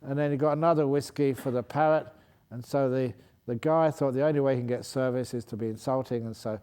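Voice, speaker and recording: Male monk, humorous dharma talk, mellow voice, laughs a lot. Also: medium pitch, fairly even intonation, brisk, clean tone. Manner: light-hearted storytelling, laughing often, restarting phrases. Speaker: Buddhist monk and teacher.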